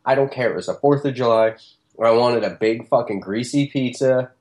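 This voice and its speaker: A man's voice: mid-range voice, moderate pace, darkish tone. A man co-hosting a crude comedy chat, ranting and swearing freely. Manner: profane, ranting. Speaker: podcast co-host.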